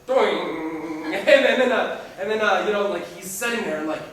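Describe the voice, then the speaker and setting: A man in a rambling, halting casual chat, often breaking into laughter. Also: high-pitched, expressive, fairly bright tone. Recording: echoey room from far off.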